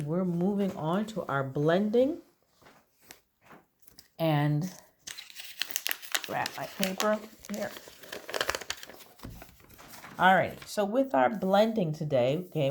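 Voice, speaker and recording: A woman with a low voice leads young children through a phonics lesson. She talks very slowly and patiently, sounding out each letter of simple words. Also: a little mellow, slight background noise. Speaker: kindergarten teacher.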